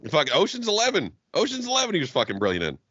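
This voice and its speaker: A man co-hosting a podcast, talking in a loose, profane, animated way and laughing often. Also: on the high side, very fast, dull audio, background noise. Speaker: podcast co-host. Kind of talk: casual chat.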